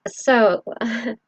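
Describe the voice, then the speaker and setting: A middle-aged woman from Southeast Texas talking in a halting, earnest confessional vlog, with many pauses and fillers. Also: on the high side, breathy edge, no room sound, poor audio. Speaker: vlogger.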